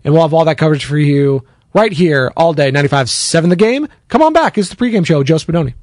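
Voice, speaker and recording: A man's voice: on the high side, lively intonation, quick pace, darkish tone, no room sound. A man hosting a sports radio show, talking in a sarcastic, rambling monologue that drifts into tangents, recorded at a studio microphone. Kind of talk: opinionated sports talk monologue.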